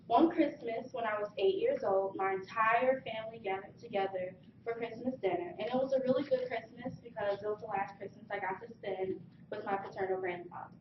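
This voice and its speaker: A woman's voice: medium pitch, a little fast, few pauses, background noise. Young woman telling a story from afar. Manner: lively storyteller, acting out voices. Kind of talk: personal story speech. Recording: distant mic in an echoey room, dull sound.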